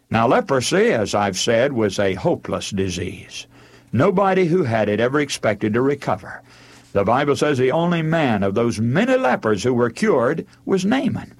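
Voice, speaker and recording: Husky-voiced man preaching a lively sermon. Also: medium pitch. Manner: animated storytelling, acting out the characters' lines. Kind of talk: sermon retelling a Bible story.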